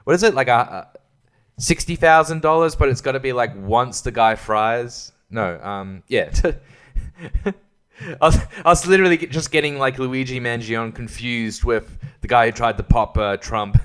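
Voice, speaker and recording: A man's voice: mid-range voice, moderate pace, a bit bright, clear, resonant tone. Sarcastic, rambling guy. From Australia. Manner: sarcastic, rambling, frequent fillers and laughs. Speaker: podcast host. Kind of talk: rambling solo podcast.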